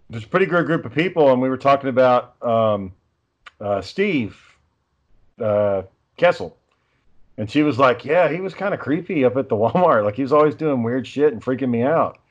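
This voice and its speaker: A man's voice: medium pitch, lively intonation, normal speed. Profane storytelling man, dull lo-fi sound. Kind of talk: casual chat.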